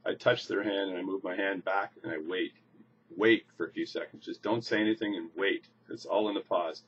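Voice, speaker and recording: A man casually demonstrating a coin magic trick, relaxed and restarting phrases as he shows each move. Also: low-pitched, brisk. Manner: relaxed, repeats words and restarts while demonstrating. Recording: slightly dull lo-fi recording with faint noise.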